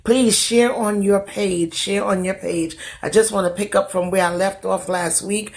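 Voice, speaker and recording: A woman hosting a casual livestream from her phone, her voice going from a cold, singing greetings and chatting in a rambling way. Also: mid-range voice. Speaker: live stream host. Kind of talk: casual live stream chat.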